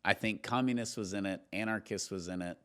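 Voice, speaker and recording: A man's voice: lowish voice, a little fast, smooth. A man hosting a podcast, chatting casually and telling stories with jokey asides. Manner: animated storyteller, jokey asides. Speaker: podcast host.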